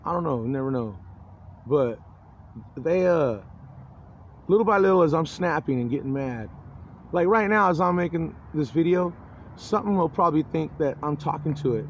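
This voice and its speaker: A man's voice: fairly high pitch, lively intonation, moderate pace, pauses often, dull audio, a little hiss or hum. A middle-aged man in a rambling personal monologue, agitated and profane, often breaking off and restarting his sentences. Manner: profane, swears heavily. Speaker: vlogger.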